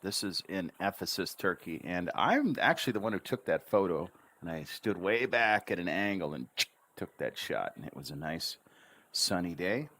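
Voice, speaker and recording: A man teaching an English lesson on a livestream, chatty and encouraging, drawing out words slowly syllable by syllable. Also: deep voice, fairly bright tone. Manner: slow drawn-out syllable drills. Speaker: English tutor.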